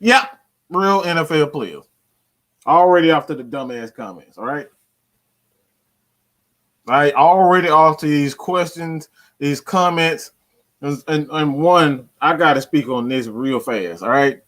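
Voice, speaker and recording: A man's voice: fairly high pitch, unhurried, a bit bright. A man hosting a fan channel, ranting about his team with slang, swearing and lots of repetition. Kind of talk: profane sports fan rant.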